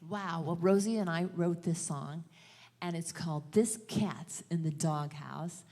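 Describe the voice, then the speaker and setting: A woman's voice: lowish voice, unhurried, warm tone. A woman, a fellow musician, chatting on stage with her bandmate and prompting her to tell stories. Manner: encouraging, prompting a story. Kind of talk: onstage chat with a bandmate. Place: live music venue stage.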